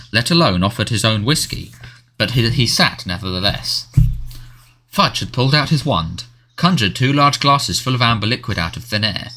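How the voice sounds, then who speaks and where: A man's voice: fairly low pitch, bright, forceful tone. A man narrating a novel as an audiobook, telling the story expressively. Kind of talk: scripted narration.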